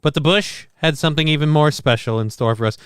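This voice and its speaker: A man's voice: a little high, fast, clear, resonant tone, no echo. Sardonic, foul-mouthed male stream host. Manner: sardonic, crude, profane jokes. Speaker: show host. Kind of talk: live-stream commentary on videos.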